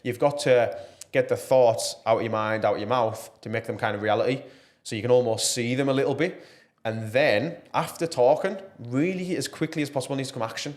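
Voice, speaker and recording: A man's voice: mid-range voice, fairly quick, hardly any pauses. A man talking earnestly and passionately as a podcast guest, with plenty of fillers. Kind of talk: casual podcast interview.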